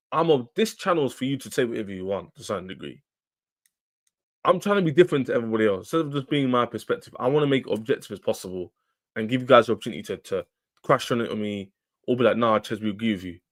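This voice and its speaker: A man hosting a football livestream, talking casually and animatedly to his chat in slang. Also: medium pitch. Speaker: football channel livestream host.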